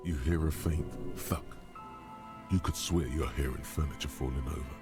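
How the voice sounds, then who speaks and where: An actor playing a calm game narrator, measured and matter-of-fact. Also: male voice, rumbling low, music in the background. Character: calm deep-voiced male game narrator.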